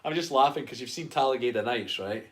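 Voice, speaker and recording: Give me a relaxed co-host talking in an everyday voice. He keeps bringing up movie references in easy back-and-forth chat. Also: medium pitch, quick pace. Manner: explains at length, movie references, playful asides. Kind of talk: casual chat.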